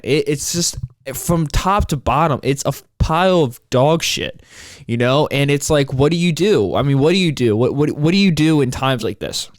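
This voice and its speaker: Smooth-voiced young man venting on a podcast. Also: medium pitch, dry recording, clean studio sound. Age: 20s. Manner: frustrated, rambling, swears often. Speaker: podcast host. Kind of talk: solo podcast monologue.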